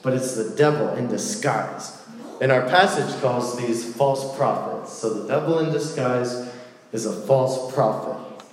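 A man delivers a relaxed, joking sermon full of storytelling asides. His voice sits mid-pitch. It rings out with a long, roomy hall reverb. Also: unhurried. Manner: playful, storytelling, animated asides. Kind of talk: casual sermon.

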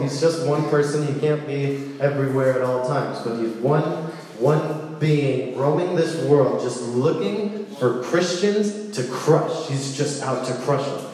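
Man preaching casually in an echoey hall. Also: medium pitch. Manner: playful, storytelling, animated asides. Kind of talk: casual sermon. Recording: echoey hall with long reverb.

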